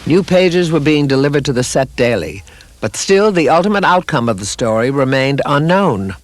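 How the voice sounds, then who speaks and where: A man narrating a documentary in a smooth, measured, scripted way. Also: on the high side, very animated, no echo.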